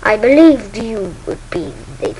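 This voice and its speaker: A woman voicing a cold, menacing male dark lord from a game, speaking very slowly and drawn out. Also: medium pitch, animated, noisy background, lightly acted. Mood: cold, ominous. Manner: very slow, drawn-out delivery. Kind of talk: retelling a game scene in voices.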